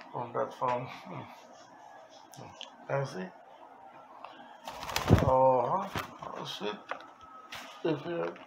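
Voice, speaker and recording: A man with a gravelly, creaky voice pitched a little high, talking slowly and coaxingly to his pet bird. He laughs often as he films at home on a handheld phone. There is faint noise behind him. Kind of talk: casual home video chat.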